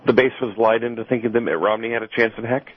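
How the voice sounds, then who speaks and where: A man's voice: mid-range voice, steady tone, fast talker, husky, no room sound. A man appearing as a guest commentator on a radio show, wry and sardonic. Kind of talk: political talk radio chat. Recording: dull lo-fi radio broadcast.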